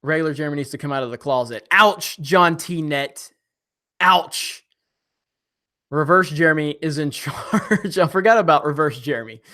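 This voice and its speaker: A young man hosting a casual live stream, reading viewer comments and joking with chat in an animated way. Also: fairly high pitch, normal speed.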